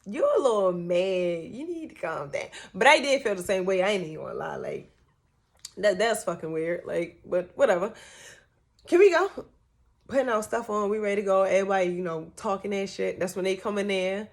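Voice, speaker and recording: A young woman telling a storytime vlog in a casual, animated way, cussing a lot and acting out what people said. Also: mid-range voice, a little fast, gravelly. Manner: animated, profane, acts out quotes.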